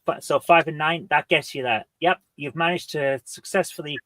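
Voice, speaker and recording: A man running a tabletop game in a relaxed, playful way, describing the scene for his players. His voice sits a little high and sounds close and dry. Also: moderate pace, no room sound. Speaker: game master.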